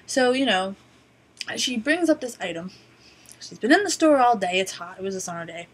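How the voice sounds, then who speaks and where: A woman's voice: medium pitch, very animated, moderate pace, breathy edge. A woman vlogger telling stories casually to her laptop webcam, rambling with many "um"s and a wry, profane streak. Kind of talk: casual storytelling to camera. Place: indoors at a borrowed laptop.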